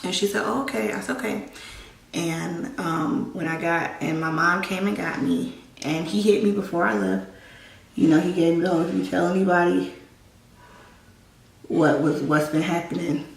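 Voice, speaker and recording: A young woman telling a personal story on her vlog, halting and emotional with many restarts, holding back tears. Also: lowish voice, gravelly, recorded from a distance. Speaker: vlogger. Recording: echoey room, voice a bit off-mic.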